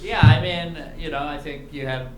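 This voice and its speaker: A man's voice: a little high, moderate pace. A man hosting a comedy club, giving blunt, teasing feedback to comedians on stage. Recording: echoey club with loud crowd.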